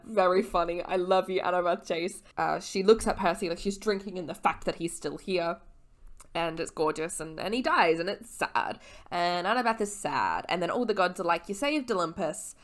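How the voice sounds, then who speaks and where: A drunk woman vlogging a casual, rambling recap of a book series, slurring her words and dropping sweary, giggly asides. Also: medium pitch.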